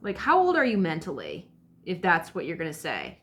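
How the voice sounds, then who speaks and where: A woman's voice: low-pitched, huge pitch swings, normal speed, fairly bright tone. A woman ranting bluntly in a vlog monologue, heated and full of profanity. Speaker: vlogger.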